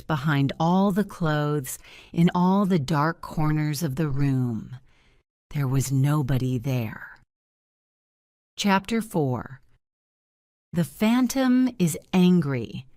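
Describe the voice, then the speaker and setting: Slow, low-pitched woman reading a story. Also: darkish tone, no echo, studio quality. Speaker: narrator. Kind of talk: graded-reader story narration.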